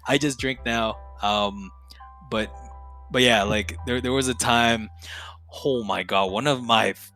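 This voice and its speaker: A young man, a podcast guest, telling stories in a casual, slangy, profane and excitable way. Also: mid-range voice, a little slow, faint music behind. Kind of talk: casual storytelling.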